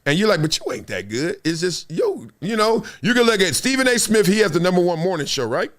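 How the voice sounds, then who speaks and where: Lively high-voiced man talking sports. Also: a little fast. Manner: lively storytelling, acts out quotes and sound effects. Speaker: show host, former NFL player. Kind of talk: animated sports talk monologue.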